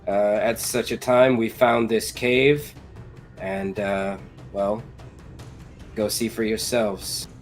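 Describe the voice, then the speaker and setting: Male player, slow and hesitant in-character speech, faint music behind. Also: lowish voice. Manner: hesitant, filler-heavy delivery. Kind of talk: in-character speech in a tabletop game.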